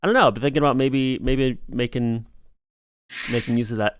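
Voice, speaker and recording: A man's voice: mid-range voice, a little fast, smooth. A young man hosting a casual livestream podcast, rambling and laughing often. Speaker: podcast host.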